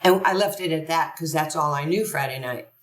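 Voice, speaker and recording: An older woman, a podcast guest, telling long stories in an animated, long-winded way. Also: deep voice, brisk. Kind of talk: conversational storytelling. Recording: echoey room, distant from the mic.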